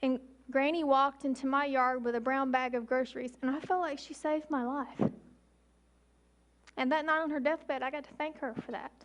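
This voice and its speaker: High-voiced woman giving an emphatic talk. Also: fairly even intonation. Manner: emphatic, with slow deliberate pauses. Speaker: emergency physician speaker. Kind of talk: public talk.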